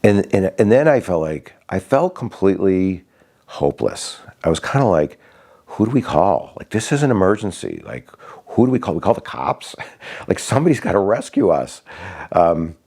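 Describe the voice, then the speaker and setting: A man casually telling a personal story as a father, halting and restarting often and acting out what others said. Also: low-pitched, big pitch swings, dark tone, slightly rough. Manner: halting, many restarts and fillers, acts out quoted voices.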